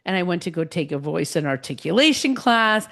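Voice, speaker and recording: A woman with a New Jersey accent hosting a podcast, telling stories in a chatty, animated way. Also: lowish voice, fairly quick, vocal fry. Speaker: podcast host. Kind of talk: casual chat.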